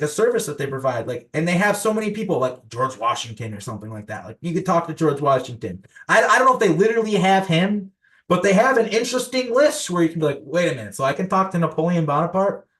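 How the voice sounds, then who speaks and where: Rambling man telling conspiracy stories. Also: a little high. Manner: rambling, filler-heavy, many restarts. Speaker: podcast guest. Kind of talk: casual conspiracy storytelling.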